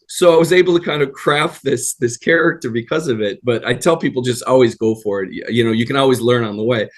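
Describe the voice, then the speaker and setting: Guy rambling through stories as a guest on an interview show, middle pitch. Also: quick pace, few pauses. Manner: rambling, anecdotal storyteller. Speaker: guest actor and writer. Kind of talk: casual interview chat.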